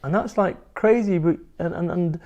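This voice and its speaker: Guy in his 40s, blunt, animated, swears a lot, a bit higher voice than most. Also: moderate pace, muffled recording. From England. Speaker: guest, motivational speaker. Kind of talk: candid interview talk.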